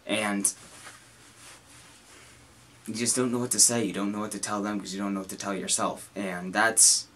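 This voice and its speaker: A young man talking to camera about his own feelings, halting and earnest, with many restarts. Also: fairly low pitch, flat delivery, a bit bright. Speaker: content creator. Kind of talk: personal talk to camera.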